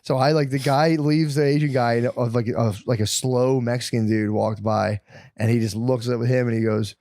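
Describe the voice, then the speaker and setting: A man co-hosting a comedy podcast, telling animated stories in casual chat and jumping into higher-pitched voices for the people he quotes. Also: normal speed, dry recording, clean studio sound. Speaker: podcast co-host.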